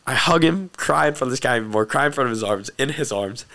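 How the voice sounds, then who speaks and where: A young man earnestly telling a personal testimony story, excitable and repeating phrases for emphasis. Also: mid-range voice, fast, creaky. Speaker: host telling his testimony.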